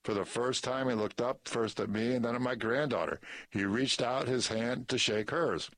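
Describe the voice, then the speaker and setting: A man reads news pieces and a short personal essay aloud at a steady, measured pace. His voice sits at an average pitch for a man. The sound is dry and close, with no room echo. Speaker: news article reader. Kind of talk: reading articles aloud.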